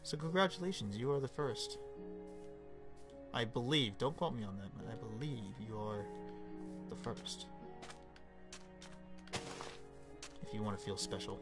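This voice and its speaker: A man's voice: medium pitch, a little slow, pauses often, over loud music. A young man live-streaming a game, reading chat aloud and joking around with casual swearing.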